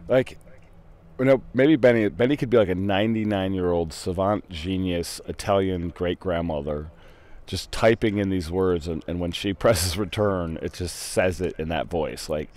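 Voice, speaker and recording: A man's voice: low-pitched, normal speed, darkish tone. A young man chatting casually in a voice channel, rambling, swearing and getting sidetracked. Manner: rambling, profane, easily sidetracked. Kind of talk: casual voice chat. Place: at a computer in a voice channel.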